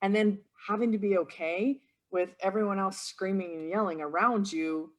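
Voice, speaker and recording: A woman's voice: medium pitch, normal speed. A middle-aged woman speaking reflectively on a live stream, often restarting her sentences. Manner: reflective, searching for words with restarts. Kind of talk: casual conversation on a live stream.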